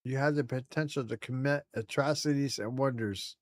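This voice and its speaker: A man voicing an ancient, all-knowing cosmic entity from a video game, reading its lines slowly and solemnly. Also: medium pitch, steady tone, natural voice.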